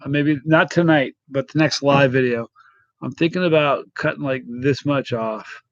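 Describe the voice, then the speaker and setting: A man's voice: mid-range voice, normal speed, dry recording, lo-fi sound. A middle-aged man hosting a casual live stream, chatting and rambling as he greets viewers by name. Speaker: channel host reading live chat.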